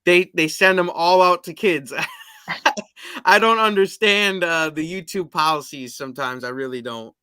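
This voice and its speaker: A man's voice: fairly high pitch, a little slow, sharp tone, clean tone, no room sound. A man hosting a casual live-stream interview, reading viewer comments aloud and laughing easily. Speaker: podcast host.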